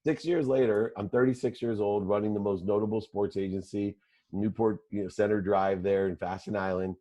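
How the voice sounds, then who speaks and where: A man who is a guest on an interview show, telling a personal story in an animated way with repeated phrases. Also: fairly low pitch, a little fast.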